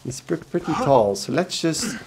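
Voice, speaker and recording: A man's voice: a little high, very animated, normal speed, creaky, darkish tone, husky. A man with a Belgian accent giving rambling, casual commentary over a video game, joking and talking to himself. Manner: rambling, talks to himself, jokey asides. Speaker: let's play host.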